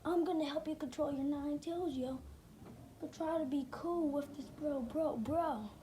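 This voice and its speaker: A woman's voice: sits high, unhurried, dark tone, slight background noise. A woman voicing a cocky male ninja mentor who raps and says "yo" and "bro". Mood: swaggering. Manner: rhyming, slangy "yo" and "bro" talk.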